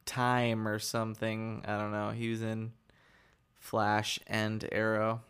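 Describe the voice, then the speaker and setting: A young man co-hosting a podcast in casual chat, chatty and quick to joke. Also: fairly low pitch, completely flat delivery, fairly bright tone, smooth. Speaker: podcast co-host.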